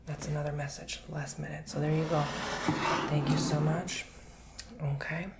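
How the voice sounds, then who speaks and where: A man giving a soft-spoken ASMR tarot and coffee cup reading, chatty and rambling, with casual slang and whispered asides. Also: on the high side, flat delivery, normal speed, vocal fry, noisy background.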